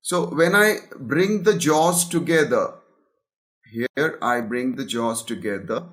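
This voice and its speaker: Indian male teacher, mid pitch, patient online lecture, breaking-up audio. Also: takes it slowly, a bit bright. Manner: mixes English and Hindi, checks in with "got it?" and "okay". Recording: breaking up from a weak connection.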